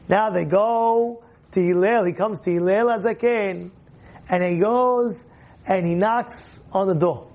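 Man as religious teacher, animated, keeps asking the audience questions, acts out scenes. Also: high-pitched, unhurried. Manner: lively, questions the listeners, acts out stories. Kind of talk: animated Torah lesson.

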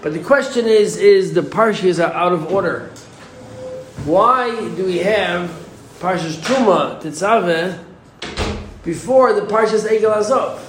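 A man with a somewhat high voice teaches an informal Torah class. He talks conversationally and keeps posing rhetorical questions. The recording is roomy, with faint ambience behind him. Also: a little slow, background noise. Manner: conversational, asks rhetorical questions, restarts sentences.

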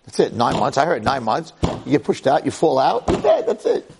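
A man voicing a frightened, stubborn unborn twin boy who speaks in shrill, panicky exclamations. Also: wildly swooping pitch, a little fast, vocal fry, noisy background. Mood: frantic.

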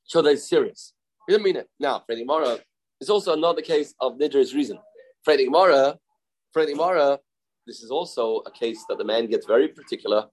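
A man's voice: medium pitch, a little mellow, low-quality recording. Man teaching a Talmud lesson. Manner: conversational, repeats his points and uses everyday examples; mixes English with Hebrew and Aramaic study terms.

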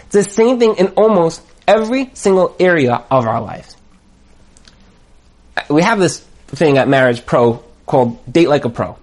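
Animated high-voiced man giving a motivational talk. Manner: animated, acts out quoted voices. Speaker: marriage coach.

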